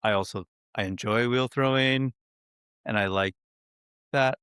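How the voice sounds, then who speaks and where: A man who makes pottery, a guest in an interview, talking in a relaxed, plain-spoken way and laughing lightly. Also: medium pitch, unhurried, smooth, no echo, studio quality. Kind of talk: casual interview chat.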